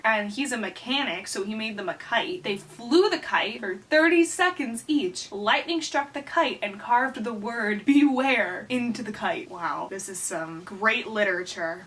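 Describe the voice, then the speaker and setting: A woman's voice: on the high side, a bit bright. A woman in her twenties reading her own childhood writing aloud and adding sarcastic comments as a YouTuber. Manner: wry, sarcastic.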